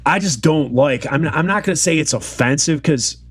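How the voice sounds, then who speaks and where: A man's voice: fairly high pitch, expressive, moderate pace, a bit bright, slightly rough, no echo, studio quality. A man co-hosting a casual podcast chat, ranting at length in a rambling way with many fillers. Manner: rambling, filler-heavy rant. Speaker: podcast co-host.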